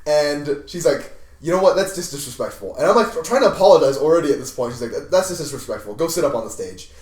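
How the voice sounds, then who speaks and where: A young man on a podcast casually telling a rambling story from his school days with an animated, joking manner. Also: fairly high pitch, fast talker. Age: young adult. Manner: rambling, animated retelling with laughs. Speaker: podcast host. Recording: echoey room, mic at a distance.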